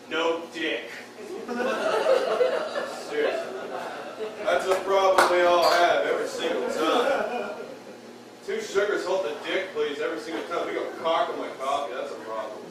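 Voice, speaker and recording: High-voiced man doing stand-up, echoey hall. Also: very animated, slow pace, long pauses. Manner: crude one-liners, heckles the crowd. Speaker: stand-up comedian. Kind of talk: stand-up comedy set. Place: stage in a beer hall. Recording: echoey room from far off, bar noise.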